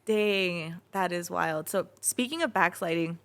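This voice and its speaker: A young woman hosts a relaxed podcast in a studio, her voice sitting a little low for a woman. She keeps the talk going with quick, encouraging reactions. She also asks her guest open questions. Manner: reactive, encouraging, short interjections. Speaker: podcast host. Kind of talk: casual interview.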